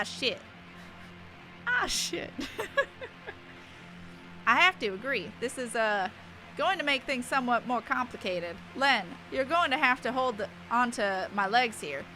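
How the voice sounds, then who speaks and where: A perky young woman persona, which a female streamer puts on for a live stream, reading aloud with a sharp, bright tone sitting a little high. She giggles her way through the text and keeps stopping to chat. Soft music plays faintly under her. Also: big pitch swings, slow pace, long pauses, exaggerated voice. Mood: playful. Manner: giggly, often breaks off to laugh and chat.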